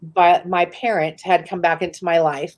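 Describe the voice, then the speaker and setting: A woman's voice: lowish voice, flat delivery, moderate pace. A woman from the San Francisco Bay Area, a guest in a live interview, tells a personal story in a casual, candid way. She often says "like" and swears freely.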